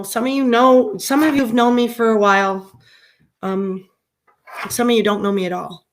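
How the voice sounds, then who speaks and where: Speaking in a slightly high voice with fairly even intonation, a middle-aged woman runs a casual livestream at a moderate pace. She's impassioned and tends to repeat herself, and her internet stream cuts out choppily at times.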